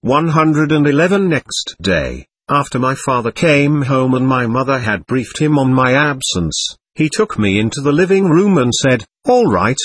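Husky man reading a memoir. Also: mid-range voice, sing-song, normal speed, hardly any pauses, fairly bright tone, no echo. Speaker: narrator of a personal story. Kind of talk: reading a first-person memoir aloud.

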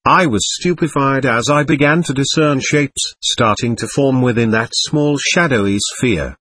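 A man narrating an audiobook in an expressive, animated way. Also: mid-range voice, unhurried, breathy edge, no room sound.

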